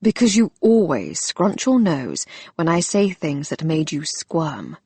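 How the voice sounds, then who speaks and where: A woman voicing a low, teasing male lover. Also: very animated, warm tone, slightly rough, dry recording, exaggerated voice. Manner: low, slow and intimate. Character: teasing, tender young man, a lover.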